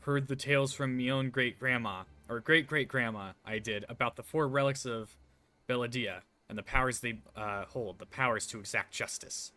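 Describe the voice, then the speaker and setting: A man playing a superstitious old mourner with a put-on folksy accent, brooding over dark tales of doom. The voice sits bright and forward. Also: medium pitch, moderate pace, natural voice. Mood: eerie. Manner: brooding, dramatic storytelling.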